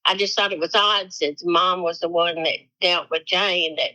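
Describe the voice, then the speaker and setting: Bright-voiced woman recalling events. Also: lowish voice, fairly even intonation, normal speed, hardly any pauses, faint music behind, rough recording. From Arkansas, US. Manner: chatty, with fillers like "you know". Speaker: interviewee. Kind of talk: casual recollection in an interview.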